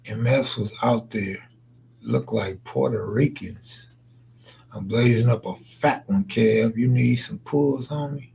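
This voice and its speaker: A man's voice: mid-range voice, slow pace, gravelly, a little mellow, slight background noise. A man chatting loosely on a late-night live stream, answering viewers in slangy, laid-back talk that trails into mumbles.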